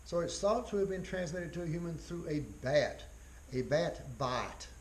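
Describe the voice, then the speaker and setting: A man giving a college biology lecture in a folksy way, repeating key phrases, spelling out terms slowly and often clearing his throat. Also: fairly high pitch, lively intonation, rough recording.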